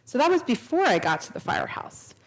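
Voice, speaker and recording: A woman's voice: high-pitched, big pitch swings, fairly quick. A woman in her thirties telling a personal testimony at a church, earnest and storytelling, acting out the dialogue she quotes. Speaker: speaker at a church. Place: church sanctuary.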